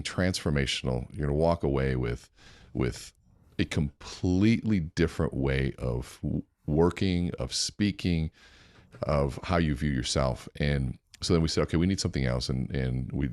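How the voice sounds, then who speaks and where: A man's voice: very deep voice, dry recording, clean studio sound. A man telling stories as a podcast guest, with energy and acting out the dialogue. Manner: energetic, acts out dialogue in his anecdotes. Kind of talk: animated storytelling.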